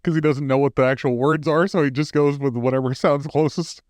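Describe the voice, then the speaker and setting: A man's voice: fairly high pitch, steady tone, fairly quick, a little mellow, dry recording. A man co-hosting a casual podcast, dropping in brief, agreeing remarks. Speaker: podcast co-host. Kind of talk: casual chat.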